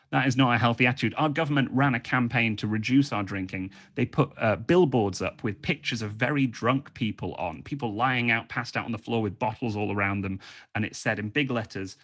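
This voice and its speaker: A man's voice: lowish voice, a little fast, fairly bright tone. A British man doing playful freestyle raps and joking chat with an online audience. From Britain. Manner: playful, joking, rapping over a beat. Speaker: performer. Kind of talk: freestyle rap and comedy patter on a video call. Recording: hip hop beat playing behind.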